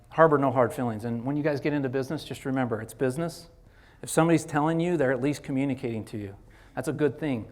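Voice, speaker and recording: Slangy, animated male guest lecturer. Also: mid-range voice. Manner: animated and slangy, peppered with "like" and "dude". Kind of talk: casual motivational lecture.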